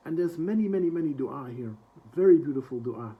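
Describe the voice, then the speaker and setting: A man giving a reflective book lesson, reciting quoted prayers quickly and then translating them slowly, with frequent soft hesitations. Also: fairly high pitch, lively intonation, narrow, tinny audio.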